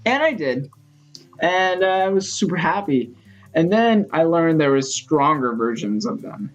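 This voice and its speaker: Rambling, excitable man vlogger. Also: fairly high pitch, a little slow, muffled recording, soft background music. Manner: rambling and excitable, full of fillers. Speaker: gaming vlogger. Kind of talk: casual storytelling.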